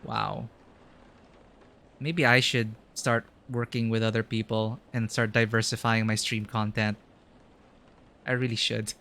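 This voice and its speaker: A man's voice: on the low side, little pitch movement, a little slow, gravelly, pauses often, bright, forceful tone. A male streamer in casual let's-play commentary, chatty and rambling, with many "like" asides.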